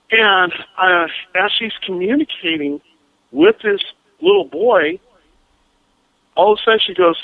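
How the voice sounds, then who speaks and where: A man calling in as a guest, telling ghost stories in an animated, excitable way with frequent laughs. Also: high voice, normal speed, dry recording. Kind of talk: phone-in storytelling. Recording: tinny phone line.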